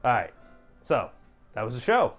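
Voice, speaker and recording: A man's voice: mid-range voice, wildly swooping pitch, normal speed, a bit bright, soft background music. A man hosting a game stream, chatting casually in a sarcastic, playful way. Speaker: streamer host. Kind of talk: casual chat.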